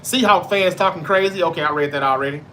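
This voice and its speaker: A man's voice: high voice, fast talker, bright, forceful tone, a little hiss or hum. A man from North Mississippi with a Southern Mississippi accent, hosting a casual live sports podcast, reading chat comments aloud and answering them in a loose, chatty way. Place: home in Memphis, Tennessee.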